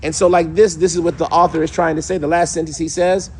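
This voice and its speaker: Quick-talking man teaching a class. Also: on the high side, little pitch movement, a little mellow, slight background noise. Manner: asks the class rhetorical questions and answers them. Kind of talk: lecturing on a classical text. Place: mosque hall.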